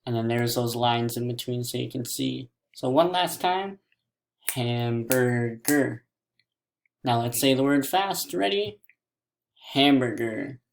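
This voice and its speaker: A man teaching a classroom mini lesson, stretching words out slowly syllable by syllable. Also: medium pitch, steady tone, creaky, slight background noise.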